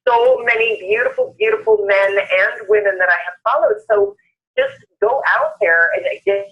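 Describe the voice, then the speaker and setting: A woman's voice: medium pitch, animated, moderate pace. A woman hosting a motivational conference call, upbeat and emphatic, repeating phrases for effect. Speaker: call host. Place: Southern California. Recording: muffled phone-line call recording.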